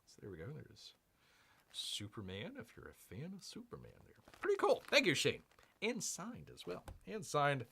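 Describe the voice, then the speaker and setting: A man's voice: sits high, wildly swooping pitch, moderate pace, pushed and bright. A man hosting a casual live stream, rambling and self-mocking as he unboxes comics and reads chat, calling himself Bear.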